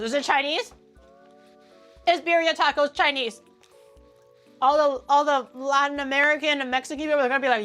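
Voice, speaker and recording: A woman hosting a casual livestream, talking to chat in an animated, ranting way and swearing freely. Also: high-pitched, brisk, pauses often, faint music behind. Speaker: livestream host.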